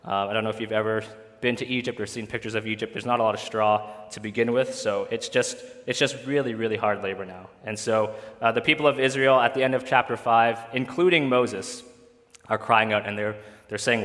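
A male pastor speaks to his congregation in a bright, forceful voice. He talks in a loose, conversational way, full of ums and restarts. His voice carries the long reverb of a church hall. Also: fairly low pitch, steady tone, fairly quick. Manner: conversational, with frequent fillers and restarts. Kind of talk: sermon.

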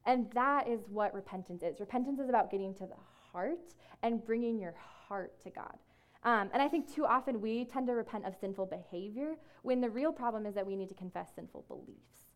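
Casual woman giving a church talk. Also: fairly high pitch. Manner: casual and conversational, many fillers like "like" and "um"; slows down to read scripture. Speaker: ministry staff speaker. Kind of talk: talk to a group. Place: room with an audience.

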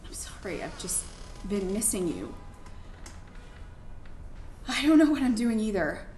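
A woman playing a frustrated pregnant young wife, sharp and emphatic, in a live staged play reading. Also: medium pitch, big pitch swings, unhurried, soft background music. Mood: tender. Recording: echoey live room, faint hiss.

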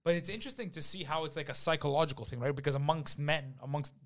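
Podcast co-host, male, quick and fairly high voice, argumentative banter. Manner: animated, swearing, argumentative. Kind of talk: casual banter.

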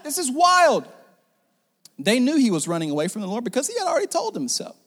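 A man preaching a sermon as pastor, animated and jokey, acting out the people in the story. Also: high-pitched, very fast. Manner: animated, jokey, acts out the characters. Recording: long reverb of a large hall.

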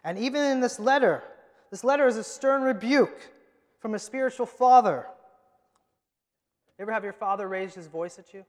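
A man preaching a sermon as the pastor of his church, emphatic and moving from loud to hushed. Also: high voice, normal speed, pauses often. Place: church sanctuary. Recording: long hall reverb.

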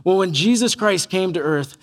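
Male pastor, sermon, high voice, earnest, animated storytelling. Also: normal speed.

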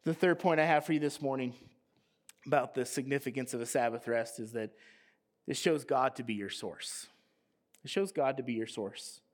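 A man's voice: medium pitch, normal speed. A man preaching a sermon as pastor, reading scripture aloud and asking his congregation questions.

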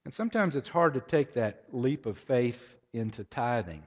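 A man's voice: medium pitch, lively intonation, moderate pace. A man preaching a sermon, telling anecdotes and acting out their voices. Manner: storytelling, acts out voices in anecdotes. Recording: echoey hall, dull lo-fi sound.

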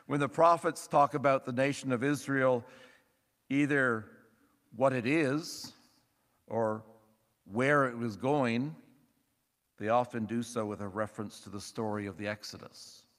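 A male pastor delivers his sermon at an unhurried, deliberate pace. His voice sits at an ordinary pitch and carries a long reverb from the church around him. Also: fairly even intonation, fairly bright tone. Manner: measured, thoughtful delivery with wry asides. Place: church sanctuary.

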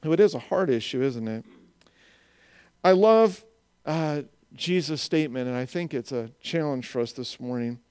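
A man in his forties preaching a sermon, animated and joking with the congregation, acting out little voices. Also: medium pitch, moderate pace, pauses often, clean tone. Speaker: pastor.

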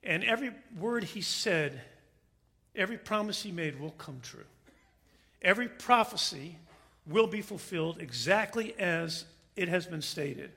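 A man's voice: sits high, lively intonation, a little slow, vocal fry, sharp tone. A man preaching a sermon, opening with a joke and then speaking in an earnest, emphatic way. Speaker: pastor.

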